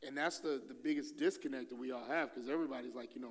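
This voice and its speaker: A man preaching a sermon in a relaxed, conversational way, acting out quoted voices with casual slang. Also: medium pitch, quick pace, long reverb tail. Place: church hall.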